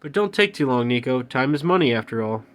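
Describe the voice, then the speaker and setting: A man voicing a smooth, pushy businessman with criminal ties, pitched up and louder than his reading voice. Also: lively intonation, a little fast, natural voice. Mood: pressing.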